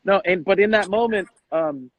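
A man's voice: high-pitched, moderate pace, poor audio. A man hosting a casual interview, enthusiastic and slangy, often acting out quotes as he talks. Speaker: coach and podcast host.

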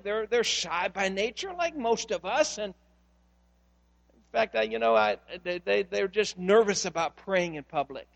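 A man's voice: high-pitched, vocal fry. A male pastor preaching a sermon in a church, speaking earnestly and putting questions straight to the congregation.

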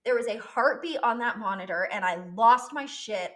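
A woman's voice: on the high side, animated, moderate pace, few pauses, fairly bright tone. A young woman telling a personal story on her vlog, candid and emotional, swearing freely. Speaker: vlogger.

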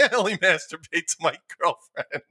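Animated, laughing man chatting on a podcast. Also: on the high side, moderate pace, husky. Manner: laughs often, animated, stumbles and repeats words. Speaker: podcast co-host. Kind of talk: casual chat.

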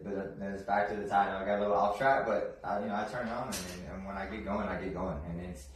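A professional boxer and trainer in a casual podcast interview, telling stories with lots of restarts and repeated words. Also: male voice, low voice, quick pace. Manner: animated storytelling with frequent restarts and repeated words. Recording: very echoey room, distant mic, faint noise.

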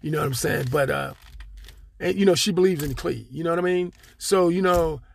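A man's voice: on the high side, fairly quick, gravelly. A man from Pittsburgh hosting a solo podcast, talking in a rambling, streetwise, profane way with lots of fillers, speaking from his car. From Pittsburgh, USA. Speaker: podcast host.

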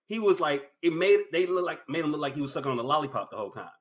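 Animated higher-voiced man, bright tone. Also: racing. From Texas. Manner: enthusiastic, animated, fond of doing voices. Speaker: podcast guest, anime blogger. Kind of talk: casual chat.

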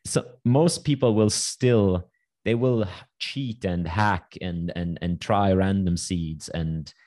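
A man with a very low voice, chatting as a guest on an interview podcast. He talks fast and wryly, piling on asides and little jokes. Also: darkish tone. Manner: quick, wry, full of asides. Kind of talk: casual interview chat.

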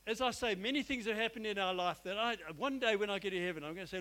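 A man's voice: high voice, animated, fairly quick, hardly any pauses, a bit bright, low-quality recording. A man preaching a sermon in church, earnest and emphatic, often repeating his phrases and speaking straight to his listeners. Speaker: pastor.

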